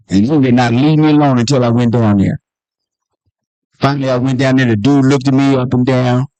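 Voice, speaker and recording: A man with a mid-range voice and some vocal fry, recorded with no echo. He's a comedian and author from Washington, D.C. at a book talk, animatedly telling stories from his life in conversation and acting out the voices of the people in them.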